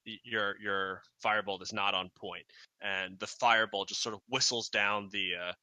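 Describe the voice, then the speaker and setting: A man's voice: on the low side, no echo. A man narrating as game master, telling the action vividly with lots of fillers and restarts. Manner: animated, vivid storytelling with many fillers and restarts.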